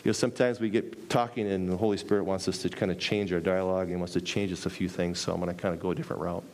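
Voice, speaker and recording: A man preaching a sermon, animated, repeating phrases for emphasis and acting out little dialogues. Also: rapid-fire. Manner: animated, acts out dialogue with pitch jumps.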